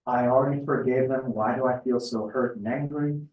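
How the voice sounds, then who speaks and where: Middle-aged man, retreat talk, conversational, thoughtful, average pitch, distant mic. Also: steady tone, normal speed, highs cut off. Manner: conversational, thoughtful, with frequent fillers. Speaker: retreat speaker. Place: retreat house meeting room. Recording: echoey room, voice picked up from a distance.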